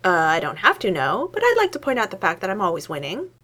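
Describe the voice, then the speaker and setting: A woman's voice: mid-range voice, huge pitch swings, fast, bright, forceful tone, full character voice. A cheerful, cocky male lab scientist, put on by a woman reading a story aloud. He talks breezily, boastful and pleased with himself. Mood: breezy.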